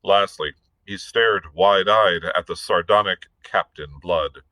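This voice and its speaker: A man's voice: sits low, takes it slowly, bright, forceful tone, dry recording, rough recording. A male librarian reading a novel aloud, narrating steadily with the occasional small slip. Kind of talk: read-aloud storytelling.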